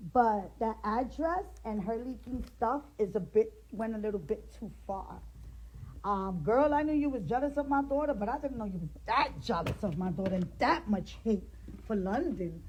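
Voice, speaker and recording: A middle-aged woman speaks straight to the camera in a fired-up rant, her voice sitting a little high. She is indignant and confrontational, piling up one rhetorical question after another. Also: a little mellow, breathy edge, poor audio. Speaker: grandmother speaking out in a family feud.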